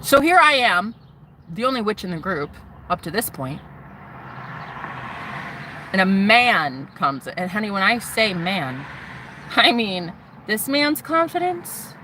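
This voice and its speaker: A woman's voice: medium pitch, very animated, a little slow, pauses often, bright, forceful tone, slight background noise. A woman vlogger telling a story, sassy and profane, acting out the voices of other people. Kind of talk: animated storytelling monologue.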